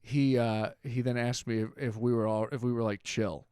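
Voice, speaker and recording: Animated male storyteller, smooth voice. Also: medium pitch, moderate pace, dry recording, clean studio sound. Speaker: podcast co-host. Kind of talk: casual storytelling chat.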